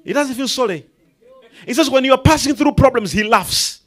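Emphatic high-voiced male preacher. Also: animated, moderate pace, faint music behind. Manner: emphatic, swings from hushed to loud proclamation; quotes and acts out characters in the story, laughing. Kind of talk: sermon.

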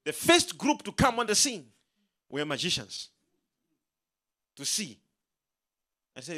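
A man preaching a sermon, emphatic and animated, leading the congregation in call-and-response. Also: high voice, slow, pauses often. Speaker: pastor.

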